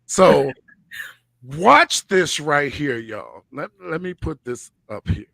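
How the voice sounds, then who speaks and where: Slow, soft-spoken male talk-show host. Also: fairly high pitch, expressive, vocal fry, no room sound. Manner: slow and personal, soft-spoken with gentle laughs. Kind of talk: reflective talk-show chat.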